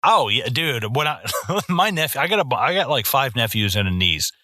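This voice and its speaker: A young man co-hosting a podcast, chatting casually about a film, profane and animated. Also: mid-range voice, normal speed, dry recording, clean studio sound. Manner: profane, animated storytelling with put-on voices. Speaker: podcast co-host.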